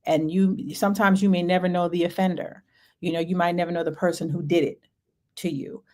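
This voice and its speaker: A woman hosting a talk show, speaking earnestly and deliberately with trailing pauses. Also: lowish voice, fairly even intonation, mellow. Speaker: podcast host.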